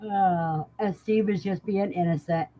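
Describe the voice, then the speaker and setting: A woman's voice: medium pitch, warm tone, poor audio. A woman hosting a livestream, casually reading out viewers' comments and answering them, laughing often. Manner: unhurried, chatty, laughs often. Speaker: livestream host.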